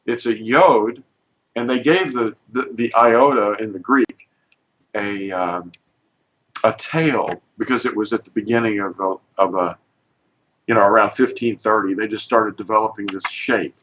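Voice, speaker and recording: A man's voice: fairly low pitch, measured pace, fairly bright tone, rough recording. A man teaching an informal lesson, pointing at letters and explaining with emphatic, restarting speech.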